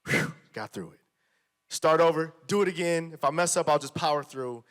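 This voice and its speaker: A man speaks casually on a panel about how he works on set, his voice a touch high. He talks with emphasis and keeps repeating himself. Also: normal speed, a bit bright. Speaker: actor on a panel. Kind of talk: casual conversation.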